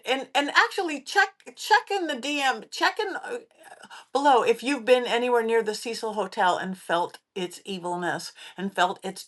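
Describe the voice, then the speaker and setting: Female podcast host, psychic medium, lively anecdotal storyteller who acts out voices. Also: mid-range voice. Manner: animated, acts out quoted voices. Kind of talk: casual spooky storytelling.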